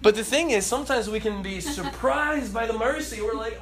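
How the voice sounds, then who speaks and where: A man preaching a sermon in a lively way, acting out the voices in the story and joking with the congregation. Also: extremely high pitch, a little fast, few pauses. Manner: animated, acts out voices, laughs and jokes.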